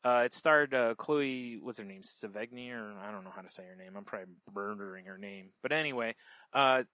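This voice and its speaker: A man's voice: lowish voice, fairly quick, pushed and bright, no echo. A man co-hosting a casual podcast, rambling and trailing off, laughing often as he talks. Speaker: podcast co-host.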